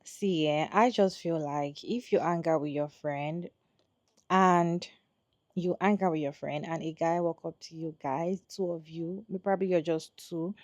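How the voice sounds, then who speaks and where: A woman's voice: low-pitched, fairly even intonation, unhurried, a little mellow, no echo. A woman hosting a commentary channel, musing over a story and raising questions about it. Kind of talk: reaction commentary.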